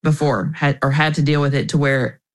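A woman's voice: low voice, steady tone, a little fast. A young woman, a guest in an interview, telling her personal story candidly and emotionally, with restarts along the way.

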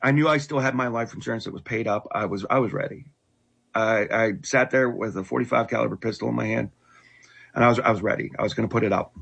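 A middle-aged man earnestly telling his life story in conversation, halting and restarting often. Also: medium pitch, creaky, a bit bright, slightly rough. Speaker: guest telling his testimony.

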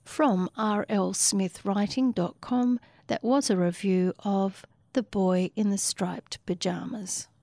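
A woman reading a book review aloud on radio in a slow, deliberate way. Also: mid-range voice, steady tone, dark tone, no room sound.

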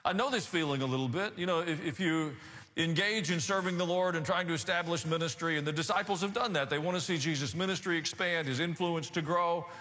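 A man preaching in a somewhat high, forceful voice that rings out with a long hall reverb. He tells the story with animated emphasis and rhetorical asides, and he sounds like a preacher working through a passage in a sermon. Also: a little fast.

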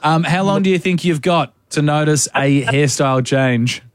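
A man's voice: fairly high pitch, slight background noise. A man co-hosting a radio show, teasing his co-hosts and taking calls. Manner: teasing, quick to take calls. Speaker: radio co-host. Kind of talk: casual radio banter. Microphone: studio microphone.

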